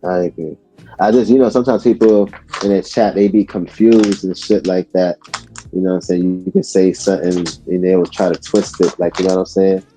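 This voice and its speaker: Chill guy with a deep mellow voice on a stream, lots of you know what im saying. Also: a little fast, soft background music, low-quality recording. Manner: relaxed, agreeable, many fillers. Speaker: stream guest. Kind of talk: casual stream chat.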